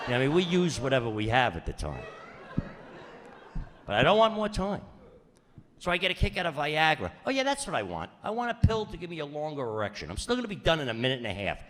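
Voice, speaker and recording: A middle-aged man doing stand-up comedy, his pitch swinging widely as he pushes each punchline. His delivery is brash and punchy, with mock-exasperated asides. The voice rings through a large reverberant hall over a clear bed of room noise. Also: wildly swooping pitch, a little fast.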